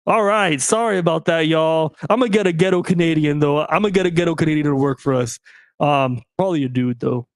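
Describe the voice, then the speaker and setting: A man's voice: a little high, fast, no room sound, clean studio sound. A man hosting a sports podcast alone, chatting casually and joking with his listeners in slang. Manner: loose, slangy and joking, addresses listeners directly. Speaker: podcast host.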